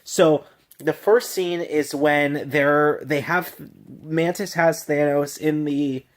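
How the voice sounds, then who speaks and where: A man's voice: a little high, fairly even intonation, slow. Tipsy man gushing in a rambling review. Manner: rambling, gushing, with restarts and laughs. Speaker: vlogger reviewing a film. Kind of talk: casual unscripted review.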